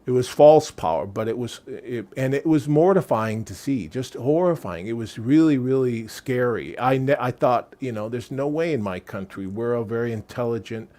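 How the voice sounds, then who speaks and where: A man's voice: mid-range voice, expressive, normal speed, few pauses, dark tone. An American man in his sixties, a guest in an interview, talking casually and often restarting and searching for words. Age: 60s. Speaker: guest, wellness product maker.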